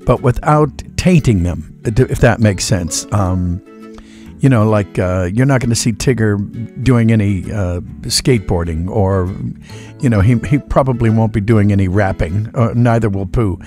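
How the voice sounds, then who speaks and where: A man's voice: lowish voice, measured pace, darkish tone, faint music behind. Chatty man telling stories in an interview. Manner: chatty, folksy, acts out voices in anecdotes. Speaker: voice actor guest. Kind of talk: relaxed interview storytelling.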